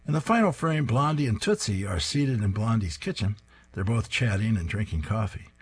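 A man's voice: fairly low pitch, lively intonation, normal speed, breathy edge, soft background music. A man reading newspaper comic strips aloud, plainly describing each panel and reading the lines.

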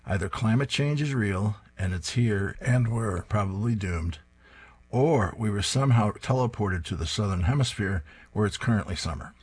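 A man's voice: fairly low pitch, animated, normal speed, slightly rough. A man reading aloud and voicing a comic-strip mother who jokes in a dry way. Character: wry middle-aged mom, joking dryly.

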